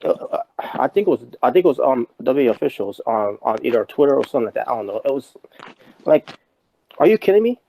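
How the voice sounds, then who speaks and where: A man's voice: medium pitch, fast talker, vocal fry, mellow, husky, poor audio. A man co-hosting a podcast, rambling in casual wrestling talk with many restarts and fillers. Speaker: podcast co-host.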